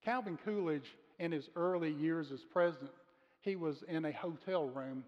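A man preaching a sermon as pastor, speaking earnestly and slowing down to stress key words. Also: fairly high pitch. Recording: muffled sound with long reverb of a large room.

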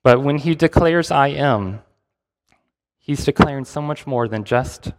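A man's voice: medium pitch, a little slow, big-room sound, a little hiss or hum. A man preaching a sermon, reading scripture and retelling it in a conversational way with restarts.

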